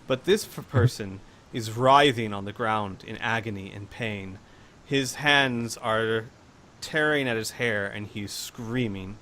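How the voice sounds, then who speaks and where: Slow, deliberate game master man. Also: on the low side, bright, forceful tone, a little hiss or hum. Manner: dramatic, deliberate storytelling. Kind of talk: narrating a tabletop game.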